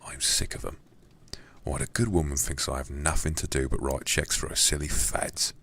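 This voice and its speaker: A man's voice: very deep voice, normal speed. A man putting on a grumbling old English lord. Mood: irritated. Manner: blustering, gossipy and complaining. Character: gruff, grumbling old English lord, a young man's uncle. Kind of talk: whispered role-play.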